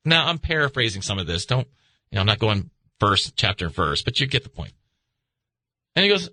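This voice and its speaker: A man hosting a late-night talk radio show, talking through a rambling, animated monologue. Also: a little fast, pauses often, no room sound. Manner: animated, rambling, acts out voices in high pitch.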